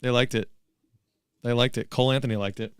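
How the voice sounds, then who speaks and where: Podcast guy riffing on the game, smooth voice, dry close mic. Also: medium pitch, steady tone, brisk, no room sound. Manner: jokey, chatty, reacts to plays. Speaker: podcast co-host. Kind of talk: casual live watch-along chat.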